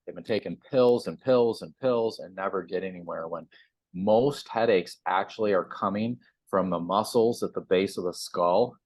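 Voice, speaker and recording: On a sponsored TV segment, a chiropractor tells a story in a low voice at a moderate pace, with no room sound. His casual, animated telling includes acting out each character's lines himself.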